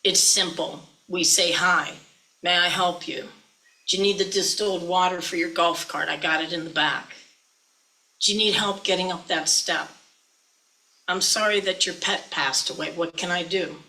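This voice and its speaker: A woman's voice: fairly low pitch, fairly even intonation, normal speed, pushed and bright, low-quality recording. A woman minister giving a chatty, folksy sermon, often teasing her listeners.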